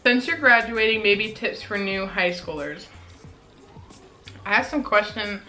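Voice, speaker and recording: Eating on camera for her mukbang vlog, a Colorado teen talks in a chatty, casual way packed with "like" fillers. She has a mid-range, sharp-toned voice and a measured pace, with soft music in the background and poor audio.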